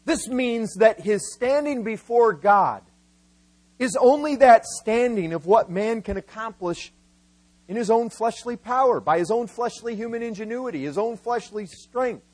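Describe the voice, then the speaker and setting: High-voiced emphatic preacher man. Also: a little mellow, rough recording. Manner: emphatic, voices biblical figures in quotes, slows for key words. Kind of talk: sermon.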